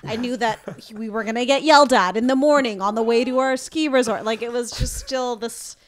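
A woman with a slightly high voice chats on a podcast. She talks casually and rambles a little as she recalls things. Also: brisk, a crowd in the background. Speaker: podcast guest. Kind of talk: casual chat.

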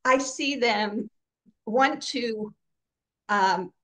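Female editor in a coaching chat, slow and measured delivery. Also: fairly high pitch, a bit bright. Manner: measured, agreeable, adds her own points. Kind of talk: casual teaching chat.

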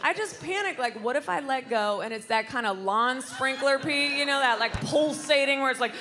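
A woman's voice: high voice, moderate pace, background noise. A woman performing a rambling, self-deprecating stand-up set on stage in front of a live audience. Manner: rambling, self-deprecating, with loud put-on voices. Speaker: stand-up comedian. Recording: live crowd recording. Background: audience laughter.

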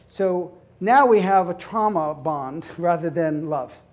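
A man teaching a class in an animated way, acting out scenes and laughing often. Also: fairly high pitch, slow. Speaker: hypnotherapy instructor. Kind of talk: lecture with acted-out examples.

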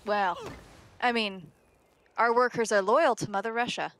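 A woman's voice: on the high side, a little slow, a bit bright. A woman co-hosting a casual game livestream, playful and teasing as she reads chat aloud. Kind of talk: casual gaming stream chat.

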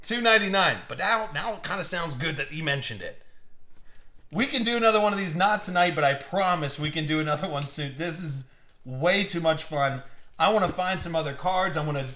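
A man hosting a live card-opening stream, excitable and swinging from hype to hushed suspense. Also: a little high, fairly quick, echoey room. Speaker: card break host.

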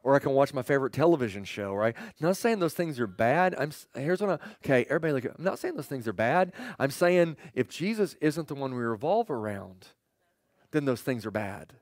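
A middle-aged male pastor preaching a sermon, telling stories animatedly and acting out quoted voices with sudden jumps up and quiet drops. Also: medium pitch, sing-song, brisk, dry recording.

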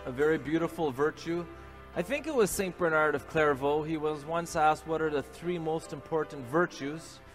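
Canadian priest preaching in a hall. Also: male voice, on the high side, moderate pace, soft background music. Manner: lively, joking, with many restarts. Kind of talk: morning homily. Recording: long hall reverb.

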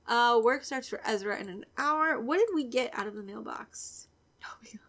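A chatty young woman talks through her game in a casual, giggly way, her voice sitting a little high. She often sinks into a soft, breathy near-whisper. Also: lively intonation, normal speed. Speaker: gaming video creator. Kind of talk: casual let's-play commentary.

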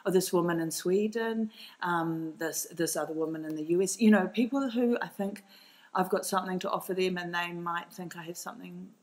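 A woman with a New Zealand accent and a low, steady voice answers interview questions with heat and conviction. She is middle-aged and often restarts her sentences as she presses her point. She speaks about her work as a documentary filmmaker. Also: brisk, poor audio. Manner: passionate, emphatic, many restarts. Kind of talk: podcast interview.

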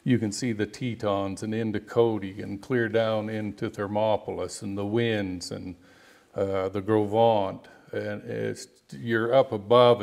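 A middle-aged man, a rancher and outfitter, telling stories in an interview in a halting, rambling way with many restarts. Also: on the low side, vocal fry. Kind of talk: storytelling interview guest.

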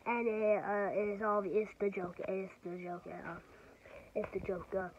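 A woman vlogger excitedly rambling through a film recap from memory, full of filler words. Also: mid-range voice, moderate pace, dull audio, heavy background noise.

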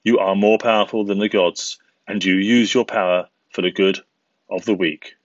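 A man reading as a hushed, reverent god. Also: fairly low pitch, fairly even intonation, normal speed, no room sound, dull audio, close to an everyday voice. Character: reverent male god, king of the gods.

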